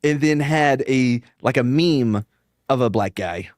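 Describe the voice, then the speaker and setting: A man's voice: mid-range voice, a little slow, darkish tone, no echo. A man hosting a casual podcast, reading listener email and correcting himself with a laugh. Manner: laughing, self-correcting, joking. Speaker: podcast host.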